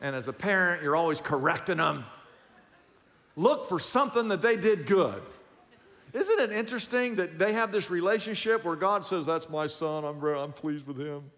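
A man's voice: on the high side, moderate pace, big-room sound. A man preaching a sermon as pastor, talking straight to his congregation, asking them questions and telling them to write points down. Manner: animated preaching with call-outs to the congregation.

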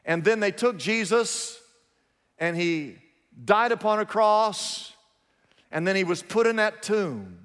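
A man's voice: high-pitched, expressive, slow, fairly bright tone, smooth, in a large hall. A man preaching a sermon, telling a story emphatically with lots of repetition.

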